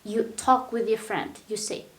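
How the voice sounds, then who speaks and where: Slow, patient woman teaching English. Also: on the high side, fairly even intonation, echoey room. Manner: patient, repeats examples, keeps checking with "right?". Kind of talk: teaching grammar to learners.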